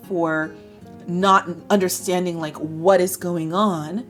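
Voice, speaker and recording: A woman's voice: lowish voice, slow, soft background music. A woman with an American accent teaching English to camera in a chatty, upbeat way. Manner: chatty, upbeat, acts out example phrases. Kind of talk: explaining lesson to camera.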